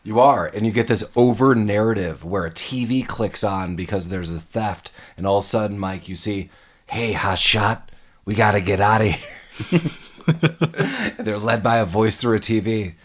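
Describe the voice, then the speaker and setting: Man, podcast co-host, casual movie chat, lower voice, laughs a lot. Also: moderate pace. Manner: animated, laughs often, mock voices.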